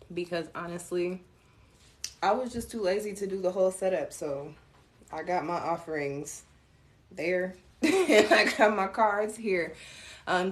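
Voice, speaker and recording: A woman tarot reader chatting casually with viewers on a home live stream, relaxed and self-mocking. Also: lowish voice. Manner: relaxed, chatty, laughs at herself, addresses viewers as y'all.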